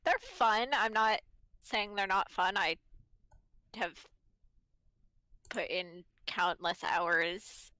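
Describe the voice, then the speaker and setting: A woman co-playing on a live stream over an online call, talking slowly and haltingly with fillers and casual swearing. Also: mid-range voice, bright, forceful tone, dry recording. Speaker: co-player and fellow streamer. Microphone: home mic over an online call.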